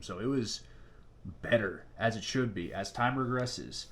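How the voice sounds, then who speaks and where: A man's voice: lowish voice, a little slow. A man hosting a casual interview, a former soldier who talks bluntly and swears emphatically.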